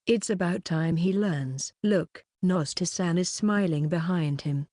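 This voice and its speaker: A woman with a lowish voice narrates a light novel in a steady, even read. She keeps the dialogue plain rather than acting it out. The recording is close and dry, with no room sound. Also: measured pace, no echo. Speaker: audiobook narrator. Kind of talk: scripted narration.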